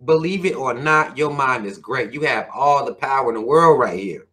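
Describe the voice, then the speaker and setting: A man's voice: mid-range voice, expressive, normal speed, fairly bright tone. A man hosting his own channel, reading viewer comments and ranting in a heated, profane, preachy way. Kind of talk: casual rant to viewers.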